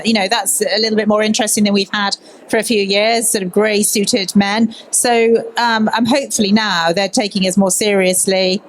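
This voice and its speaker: A woman's voice: mid-range voice, moderate pace, slight background noise, poor audio. A woman news presenter from Birmingham, speaking candidly and telling stories in a conference panel discussion. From Birmingham, England. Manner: candid, animated storytelling.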